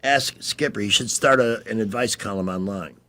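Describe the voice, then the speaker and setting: A man's voice: lowish voice, normal speed, bright, forceful tone. A man hosting a radio talk show, chatting casually, joking and telling personal stories with animation.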